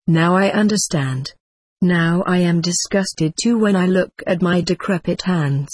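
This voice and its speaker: A woman narrating a first-person memoir in a measured, somber storytelling manner. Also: lowish voice, slightly rough, no echo. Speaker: audiobook narrator.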